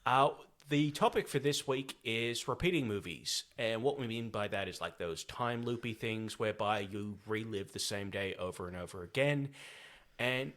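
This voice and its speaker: An Australian man hosts a casual podcast about films, his voice bright and forceful. He talks in a chatty, joking way, mixing asides and gags into the discussion. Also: on the low side, normal speed. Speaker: podcast host. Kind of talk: casual film-chat podcast.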